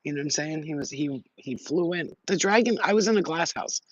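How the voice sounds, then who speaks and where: Slangy, animated woman on a dull recording. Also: deep voice, a little fast. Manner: animated, slangy, swears, laughs often, many "you know what I'm saying". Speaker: spiritual channel host. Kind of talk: casual livestream chat.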